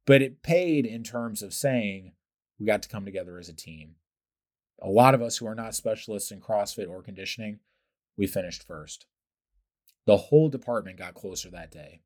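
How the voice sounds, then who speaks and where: A young man hosting his own podcast, telling workplace stories in a casual, animated way, with loud profane bursts and quiet asides. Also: on the low side. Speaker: podcast host. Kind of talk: casual storytelling monologue.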